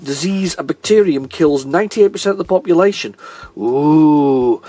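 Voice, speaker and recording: A man's voice: high voice, a little fast, mellow, breathy edge, no room sound. A man hosting a retro gaming video, rambling chattily with many fillers and restarts as he shows old game tapes. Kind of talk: casual chat while showing old game tapes.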